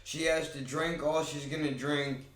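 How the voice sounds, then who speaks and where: A man's voice: fairly high pitch, fairly even intonation, unhurried, fairly bright tone, roomy sound. A man co-hosting a casual podcast who talks in a laid-back, reflective way. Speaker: podcast co-host.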